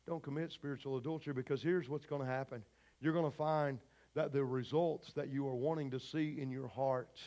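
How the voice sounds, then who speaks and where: The pastor speaks with a mellow, mid-range voice, steady in tone and fairly quick. Preaching to his congregation at a church service, he is fervent and folksy, addressing those in the pews directly.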